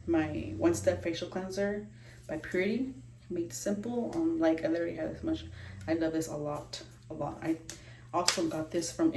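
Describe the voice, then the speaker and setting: A woman's voice: on the low side, warm tone, reverberant, slight background noise, poor audio. A young woman doing a casual skincare vlog, rambling with lots of ums and likes, a bit out of breath, recorded in her small bathroom. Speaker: beauty vlogger.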